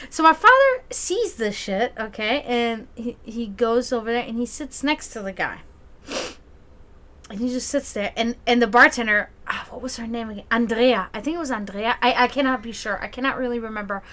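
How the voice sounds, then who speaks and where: A woman's voice: on the high side, normal speed. A woman telling a long family story in a casual way, acting out the people she quotes and laughing often. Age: adult, grew up with a brother. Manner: animated, acts out quoted voices, laughs often, profanity. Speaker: community gathering host.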